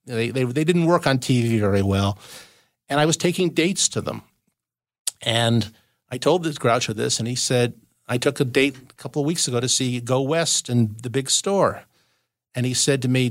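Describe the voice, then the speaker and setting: A man's voice: mid-range voice, no room sound, clean studio sound. A man from Southern California, a showbiz historian guesting on a podcast, telling long anecdotes in a casual chat with many restarts. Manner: rambling storyteller with frequent restarts.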